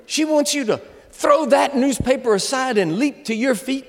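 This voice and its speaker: A man in his seventies preaching a humorous sermon as a guest speaker, telling stories with comic timing and shouting at the big moments. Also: extremely high pitch, normal speed, a faint crowd, a little hiss or hum. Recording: long reverb of a large hall.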